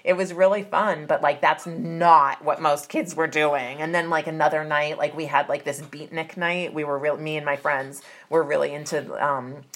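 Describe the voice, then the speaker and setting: A woman's voice: low-pitched, fairly even intonation, moderate pace, few pauses, a bit bright, faint music behind. A woman from Massachusetts telling stories about her youth in a chatty way, with many fillers and restarts. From Massachusetts, USA. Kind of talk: casual personal storytelling.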